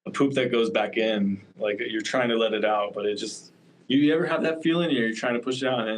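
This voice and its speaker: A man's voice: lowish voice, fairly quick, slight background noise, poor audio. A man co-hosting a podcast in casual chat, joking and laughing often. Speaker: podcast co-host.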